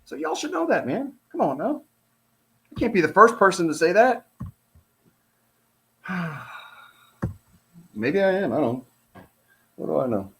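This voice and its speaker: A man's voice: high-pitched, very animated, unhurried, vocal fry, pauses often, a bit bright. A middle-aged man, a retired police officer, gives casual commentary on a released document. He talks in an exasperated, sarcastic, rambling way.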